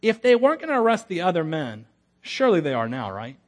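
Guy preaching a sermon, fairly high voice, jokey and animated, trips over his words a lot. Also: fast. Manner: animated, acts out quotes with humor, stammering restarts. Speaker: pastor.

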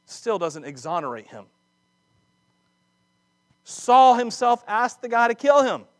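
A man preaching a sermon, acting out scripture dramatically with laughs and quick asides. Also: very high voice, very animated, a bit bright, no echo. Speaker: pastor.

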